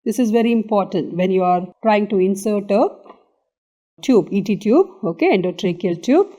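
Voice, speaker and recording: A woman's voice: mid-range voice, expressive, normal speed, dark tone. A woman with an Indian English accent giving an exam revision lecture on anatomy, explaining step by step and often checking in with "okay".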